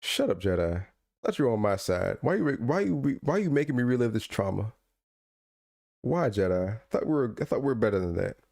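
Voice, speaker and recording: A man's voice: medium pitch, fairly quick, gravelly. A man co-hosting a podcast in casual chat, telling stories and ranting playfully, often repeating himself. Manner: animated storyteller, repeats and restarts, playful rants. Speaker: podcast co-host.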